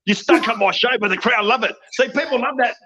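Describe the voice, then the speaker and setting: Loud boastful Australian man, high and bright. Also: quick pace. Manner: loud, boastful, laughing, slangy. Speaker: guest, wrestling promoter. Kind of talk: rambling unhinged rant. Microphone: video call.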